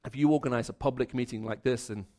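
A man's voice: medium pitch, fast, dark tone. Male preacher, conversational storytelling delivery, restarts and fillers, mid-range voice. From raised in the Middle East. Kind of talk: sermon.

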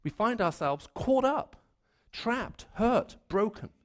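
A man preaching a sermon, earnest and building his points through repeated phrases, dropping to a hushed voice for his stories. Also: high-pitched, animated, takes it slowly.

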